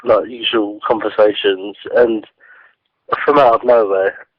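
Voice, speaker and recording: A man's voice: lowish voice, steady tone, a little slow, no room sound. A man calling into a radio show by mobile phone, answering hesitantly, with plenty of fillers. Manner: hesitant, filler-heavy replies. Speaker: phone-in guest, fellow radio host. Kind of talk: casual chat on the phone. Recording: dry tinny phone line.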